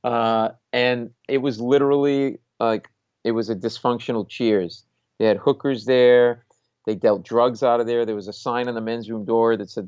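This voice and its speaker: A man, a comedian, telling an animated anecdote in conversation, acting out the people he quotes and laughing as he goes. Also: mid-range voice, normal speed, no room sound, muffled recording. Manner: acts out quoted voices, laughs mid-story. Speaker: stand-up comedian guest.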